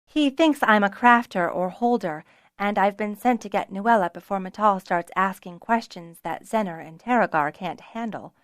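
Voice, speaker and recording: A woman's voice: mid-range voice, normal speed, no room sound, studio quality, lightly acted. A woman voicing a plucky, frank young noblewoman dragonrider with a good-humored manner. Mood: earnest.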